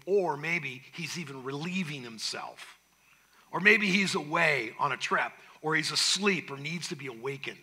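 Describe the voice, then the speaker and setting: Male pastor, storytelling sermon delivery, bright, slightly high voice. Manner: storytelling preacher, swings from loud to hushed.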